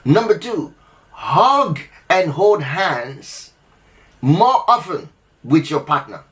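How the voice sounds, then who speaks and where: A man's voice: fairly high pitch, very animated, takes it slowly, a bit bright. A man hosting a relationship advice talk, speaking earnestly and emphatically, repeating himself and checking in with the listener. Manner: earnest, repetitive, emphatic, with frequent restarts and "all right?" check-ins. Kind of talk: unscripted advice talk to camera.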